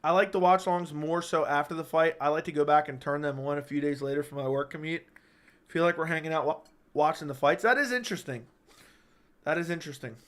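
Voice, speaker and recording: A man with a slightly raised voice hosts a relaxed live-stream chat, reading viewer comments and answering them. He is stuck with hiccups, so his sentences come out halting and keep restarting. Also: a little high. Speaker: MMA channel host.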